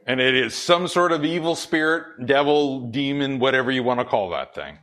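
A pastor from the Pacific Northwest preaches in a church where the congregation laughs, reading scripture aloud conversationally and posing questions he then answers himself. His mid-range voice is expressive and a bit bright, at normal speed.

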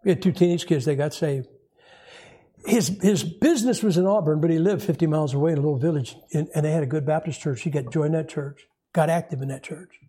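A middle-aged male preacher with a fairly high, husky voice and a mellow, dark tone. He delivers a sermon in a storytelling style, wry and animated. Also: a little fast. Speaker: pastor.

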